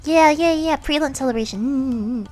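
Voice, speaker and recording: A woman's voice: sits high, normal speed, darkish tone, soft background music. A woman streamer from the United States chatting casually, rambling with lots of fillers and frequent giggles. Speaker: streamer host. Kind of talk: casual chat.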